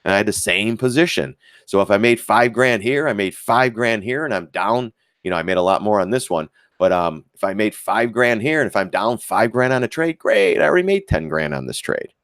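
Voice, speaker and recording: A man's voice: on the low side, brisk, few pauses, no room sound, studio quality. A man giving blunt, profane live-stream commentary on stock charts and talking to viewers as guys. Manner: lively, mocks critics in put-on voices.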